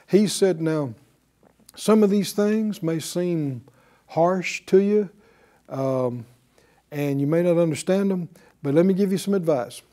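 A man's voice: a little high, mellow. A man teaching a sermon, asking the audience questions and drawing replies from them. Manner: slow, questioning delivery with audience call-and-response. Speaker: Bible teacher.

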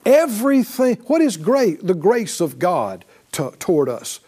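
In a high voice that runs a little slow, a male pastor gives a lively sermon, laughing often and prompting the congregation to call back to him.

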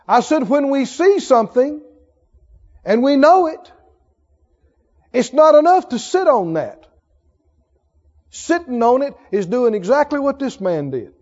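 Pastor, male, very high voice, emphatic call-and-response preaching; muffled recording in a big echoing sanctuary. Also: big pitch swings, a little slow, pauses often, darkish tone. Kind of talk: sermon. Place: church sanctuary. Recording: dull sound with long hall reverb.

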